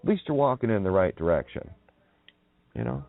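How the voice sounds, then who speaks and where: A man with a low voice that swoops up and down, delivering a profane, mocking monologue. He chuckles and drags words out in sing-song wordplay. His voice comes through dry and tinny, as if over a phone line. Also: huge pitch swings, brisk, creaky, no room sound. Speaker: radio show host.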